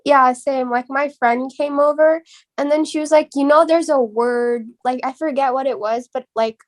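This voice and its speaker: A young woman with a very high voice talks casually on a podcast. She hesitates often and fills her sentences with "like" and "um.". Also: fairly even intonation, moderate pace. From United States. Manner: filler-heavy, hesitant. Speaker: podcast co-host. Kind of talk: casual chat.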